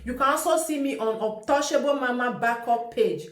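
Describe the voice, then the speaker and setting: A woman's voice: fairly high pitch, normal speed, echoey room. A woman greets viewers and thanks them as the channel host.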